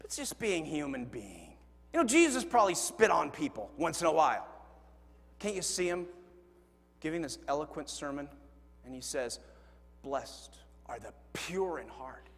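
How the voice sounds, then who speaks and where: A man's voice: on the high side, moderate pace, creaky, long pauses, breathy edge. A man preaching a sermon as pastor, telling funny stories with acted-out quotes and poking fun at himself. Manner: animated storytelling with acted-out quotes; self-deprecating humor. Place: church sanctuary. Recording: long hall reverb. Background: congregation laughing.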